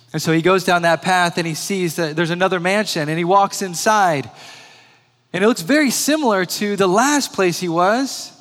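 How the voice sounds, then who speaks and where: A male preacher tells a story in a fairly high voice, pausing to repeat key phrases slowly. He is heard in a church sanctuary with a long reverb behind every word. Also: a bit bright. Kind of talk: sermon storytelling.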